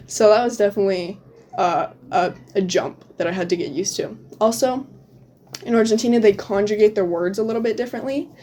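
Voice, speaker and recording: Chatty teenage girl with mellow voice. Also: mid-range voice, fairly quick, a little hiss or hum. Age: teens. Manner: chatty, many "um" and "like" fillers, laughs often. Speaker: guest, returned exchange student. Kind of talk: casual interview answers.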